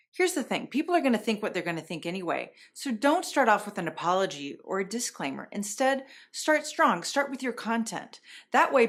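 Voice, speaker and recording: A middle-aged woman giving a scripted presentation to camera as a communication trainer, with a clear and emphatic coaching delivery. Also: fairly low pitch.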